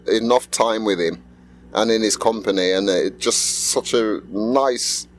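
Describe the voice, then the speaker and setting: A middle-aged man, a musician being interviewed, talking in a relaxed, rambling way with many fillers. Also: fairly low pitch. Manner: laid-back, rambling storyteller with fillers. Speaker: musician guest. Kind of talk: casual interview.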